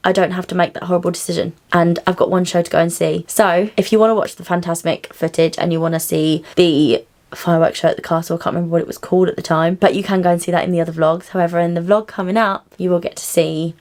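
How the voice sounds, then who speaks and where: A young woman who works as cabin crew, chatting excitedly to camera in a casual vlog. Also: fairly low pitch, fast. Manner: bubbly and chatty, often squealing with excitement.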